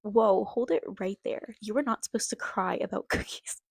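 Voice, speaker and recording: A sheepish father who hems and haws, then lectures his daughter about crying, read by a woman in a storybook voice. The voice is gravelly and husky, with a dry, close sound. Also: sits high, lively intonation, moderate pace, darkish tone, no room sound, full character voice. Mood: lecturing. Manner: sheepish, hesitant, then scolding.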